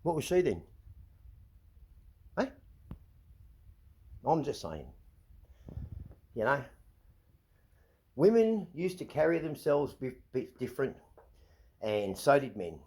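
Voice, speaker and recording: A man's voice: medium pitch, very animated, slow pace, pauses often, a little mellow, husky. A middle-aged Australian man hosting his own channel, ranting agitatedly with frequent swearing and repeated, restarted words. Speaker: vlog host. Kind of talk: ranting monologue.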